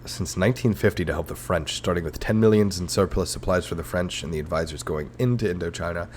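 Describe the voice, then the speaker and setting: A man's voice: deep voice, fast talker, a little hiss or hum. A man hosting a comedic history podcast, rambling and sarcastic, with frequent profane rants. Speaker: podcast host.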